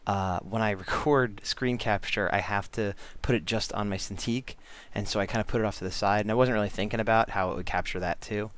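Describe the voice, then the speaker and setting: A man's voice: on the low side, steady tone, brisk, hardly any pauses, a bit bright. A man vlogging about making comics, talking casually with lots of fillers and restarts while he draws. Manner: rambling, many fillers and restarts. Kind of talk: casual chat over drawing.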